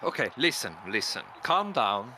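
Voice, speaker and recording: A man's voice: mid-range voice, very animated, moderate pace, bright, forceful tone, slight background noise, rough recording. A man voicing a level-headed male wrestler in an amateur voice drama, soothing and often saying okay. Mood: calming. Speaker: wrestler character.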